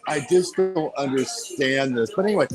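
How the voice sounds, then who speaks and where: A man's voice: medium pitch, moderate pace, loud music behind the voice, rough recording. A man live streaming from an outdoor city street, rambling and repeating himself, mocking and swearing as he talks.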